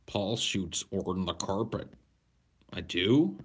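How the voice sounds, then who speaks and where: A man in his thirties, a podcast host, answering viewer questions in blunt, profane, deadpan casual chat. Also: deep voice, slow, slight background noise. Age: 30s.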